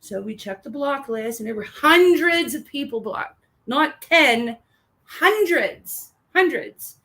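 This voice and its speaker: A woman chatting on a livestream in a high voice. She rambles and swears casually as she greets viewers and tells stories. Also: lively intonation, unhurried, fairly bright tone. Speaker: livestream co-host.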